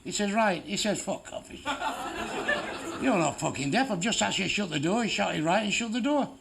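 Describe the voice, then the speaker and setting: Stand-up comic, male, crude and blunt, fairly high voice, noisy live recording. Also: expressive, a little fast, gravelly. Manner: crude, heavy swearing, blunt punchlines. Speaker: stand-up comedian. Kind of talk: stand-up joke telling.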